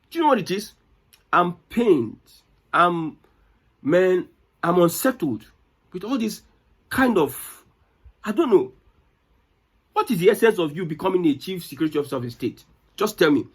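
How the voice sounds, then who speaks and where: A man's voice: fairly high pitch, breathy edge. A Nigerian man giving impassioned political commentary, indignant, firing rhetorical questions and repeating phrases. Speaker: news commentator.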